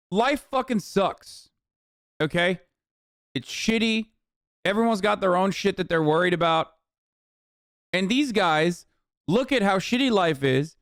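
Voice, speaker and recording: A male streamer rants at his audience in a high voice, swearing freely and punctuating points with "okay?". His tirades climb into yelling. The sound is dry and close, with no room around it. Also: no echo. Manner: profane, repetitive "okay?" tags. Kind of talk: ranting reaction stream.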